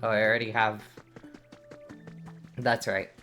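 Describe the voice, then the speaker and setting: Low-voiced woman streaming a game, swears a lot, voice swings all over, faint game music behind. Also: expressive, takes it slowly, a bit bright. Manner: swears casually, reads dialogue aloud. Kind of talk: casual gameplay commentary.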